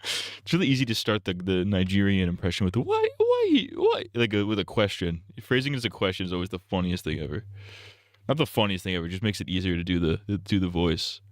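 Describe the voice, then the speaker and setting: A man's voice: low-pitched, fast, dry recording, studio quality. A young man rambling crude jokes on a casual gaming livestream. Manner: crude, rambling, giggly banter.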